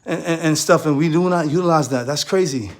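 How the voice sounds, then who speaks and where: Young New guy, high voice, animated motivational chat with plenty of laughs. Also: fairly quick. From New York. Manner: animated, laughs often, slangy. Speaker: fitness coach and streamer. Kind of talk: casual motivational talk. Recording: echoey room.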